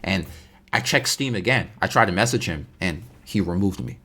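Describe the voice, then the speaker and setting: A young man casually telling a story from his gaming life, animated and slangy, often repeating himself for effect. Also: deep voice, normal speed, breathy edge.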